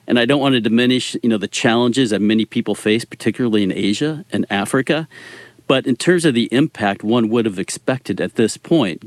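A man's voice: on the low side, no echo. A man speaking as an energy market analyst guest on a radio interview, explaining in a confident, conversational way. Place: in Washington.

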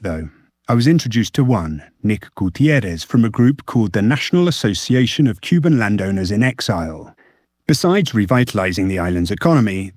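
A man reading a scripted radio news report as a correspondent, measured and steady. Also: lowish voice, breathy edge, no room sound, studio quality.

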